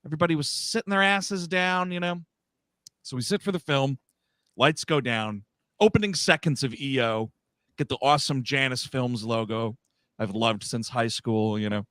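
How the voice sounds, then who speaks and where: The speaker is a man co-hosting a podcast, animatedly telling a story in casual chat and performing the voices of the people he quotes. He has a mid-range voice and a moderate pace, captured at studio quality with no room sound.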